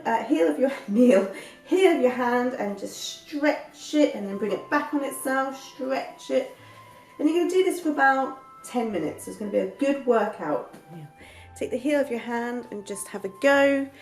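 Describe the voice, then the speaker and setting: A woman hosting a home cooking lesson, explaining each step in a chatty, encouraging way. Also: fairly high pitch. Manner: encouraging, chatty, gets out of breath while kneading. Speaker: cooking show host.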